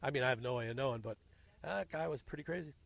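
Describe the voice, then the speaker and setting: A man hosting a field interview outdoors at a small airfield, telling animated, jokey stories into a handheld mic. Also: medium pitch, quick pace, creaky, no echo. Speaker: host.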